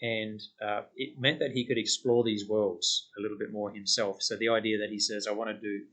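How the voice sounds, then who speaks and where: A man's voice: on the low side, flat delivery, brisk, a bit bright. A man chatting casually about films on a podcast, agreeable, often chiming in with short remarks. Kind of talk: casual film podcast chat.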